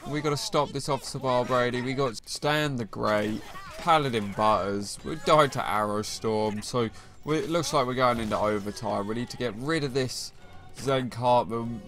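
Slangy young man commentating his game. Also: mid-range voice. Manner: excitable, slangy banter at his opponent. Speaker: gaming YouTuber. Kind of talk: casual gameplay commentary. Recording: faint game music behind the voice.

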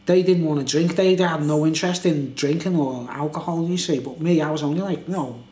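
A man's voice: a little high, fairly quick, warm tone. A tipsy man reviewing beer in a casual, meandering monologue full of filler phrases. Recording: echoey room.

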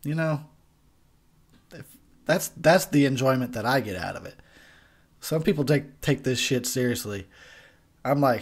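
A man's voice: medium pitch, lively intonation, a little slow, pauses often, slightly rough. A young man giving a tipsy, profane movie commentary, rambling and laughing at his own jokes. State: tipsy from beer.

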